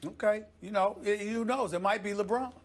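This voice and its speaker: A man's voice: high-pitched, a little fast. A man arguing sports on a studio debate show, emphatic and insistent, who keeps cutting in to take the floor. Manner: emphatic, repeats "listen" to grab the floor.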